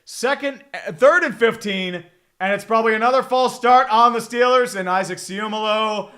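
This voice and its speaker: Exasperated man with a high, bright voice. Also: normal speed. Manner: exasperated, sarcastic, swears often; rambling, many fillers and repeated groans. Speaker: streamer. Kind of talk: live game watch-along commentary.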